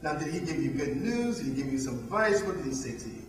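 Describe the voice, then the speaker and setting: A man co-hosting a talk show, upbeat and quick to jump in with questions. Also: on the high side, very animated. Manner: upbeat, interjecting. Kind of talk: casual talk show chat. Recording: distant, reverberant hall with loud noise.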